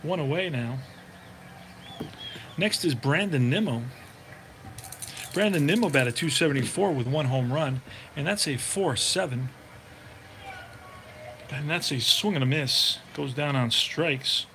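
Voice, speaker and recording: A man narrates a tabletop baseball game like a radio announcer, calling each roll and play in a relaxed, chatty manner. His voice sits a little higher than most men's. A faint hiss of noise runs under the recording. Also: a little slow, pauses often. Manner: relaxed, chatty, thinks aloud while looking things up.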